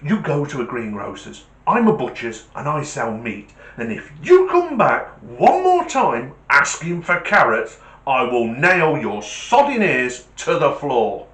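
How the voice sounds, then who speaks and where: A man playing an exasperated male butcher who keeps shouting at a customer. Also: medium pitch, very animated, unhurried, few pauses. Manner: shouting, fed-up scolding. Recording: roomy shed echo.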